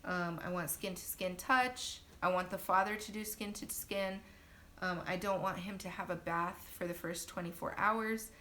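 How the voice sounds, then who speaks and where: On a phone livestream, a young woman who just had a baby walks her viewers through her birth story, chatting with them directly. She speaks at a moderate speed with a sharp tone. The audio is poor, with faint noise underneath.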